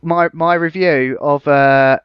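A man's voice: on the high side, fairly even intonation, slow pace, clear, resonant tone, dry recording. A man, co-host of a casual movie podcast, who laughs at his own jokes. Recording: dull, lo-fi sound.

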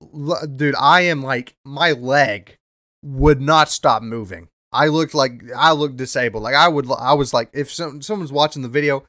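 A young man hosting a podcast, telling a story in a rambling, profane way, repeating himself and bursting into loud rants. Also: mid-range voice, dry recording, clean studio sound. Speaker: podcast host. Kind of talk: casual storytelling monologue.

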